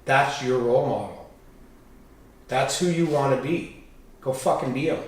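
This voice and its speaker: A man with a medium-pitched voice talks at a normal speed as a podcast guest, telling candid personal stories. He's animated, swears freely, and acts out the dialogue he quotes. The recording sounds echoey, with the mic set at a distance.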